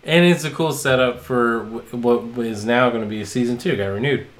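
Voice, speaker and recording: A man's voice: mid-range voice, moderate pace. A man co-hosting a podcast in casual chat, enthusiastic and rambling, laughing often. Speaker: podcast co-host.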